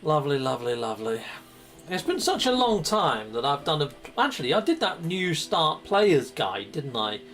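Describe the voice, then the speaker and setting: A man's voice: fairly high pitch, big pitch swings, normal speed, fairly bright tone. A man giving chatty, playful live commentary on his gameplay and greeting viewers, with goofy exclamations. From United Kingdom. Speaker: gaming live streamer.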